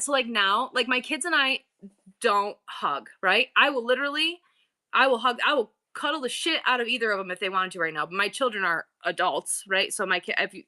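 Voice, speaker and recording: Woman host, 30s, bright and slightly high voice, rambling live-stream chatter with casual swearing. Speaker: livestream seller host. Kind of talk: casual livestream chat.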